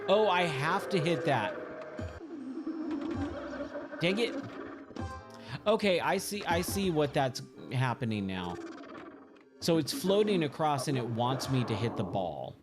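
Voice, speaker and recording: A man's voice: on the high side, animated, slow pace, pauses often. A man streaming a pinball game, chatting casually and rambling, often repeating himself as he thinks aloud. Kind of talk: casual gameplay chat. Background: game music.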